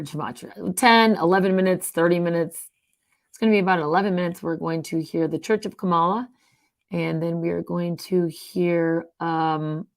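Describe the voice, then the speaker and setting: A woman hosting her own live stream, talking casually in a rambling, jokey way. She laughs often, trails off and restarts her sentences. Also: low-pitched.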